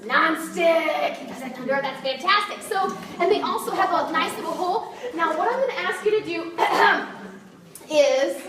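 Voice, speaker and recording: A woman giving a bubbly, laughing sales demo to a group, asking her audience questions. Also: sits high. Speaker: kitchenware party consultant. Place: meeting room with an audience. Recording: echoey room from far off, noisy.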